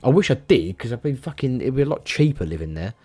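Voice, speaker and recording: A man's voice: medium pitch, big pitch swings, fast, a little mellow, breathy edge. A man chatting casually on a live stream, rambling and stammering, swearing now and then.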